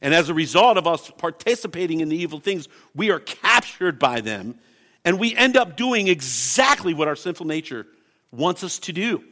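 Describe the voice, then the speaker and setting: A man's voice: a little high, sing-song, normal speed, pushed and bright. A man preaching a sermon as pastor, impassioned and emphatic, reading scripture and pressing his points.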